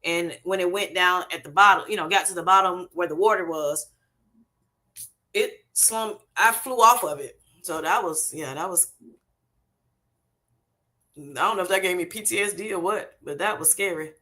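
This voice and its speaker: A woman's voice: on the low side, normal speed, pauses often, pushed and bright. A middle-aged woman chatting casually with viewers on a livestream, laughing often and calling them honey and y'all. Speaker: livestream host. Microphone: streaming setup.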